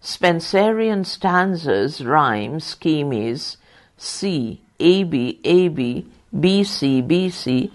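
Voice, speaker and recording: A woman's voice: low-pitched, animated, drawn-out words. A woman reading exam questions and answers aloud in a methodical way, speaking the punctuation and quote marks and spelling out difficult terms letter by letter. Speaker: volunteer reader.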